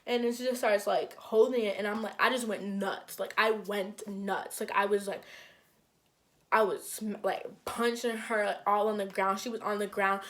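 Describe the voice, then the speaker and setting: A young woman from Minnesota, casually telling a personal story to camera, animated and full of "like", acting out what people said. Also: medium pitch, normal speed. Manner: animated, heavy use of "like", acts out quotes. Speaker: storytime vlogger.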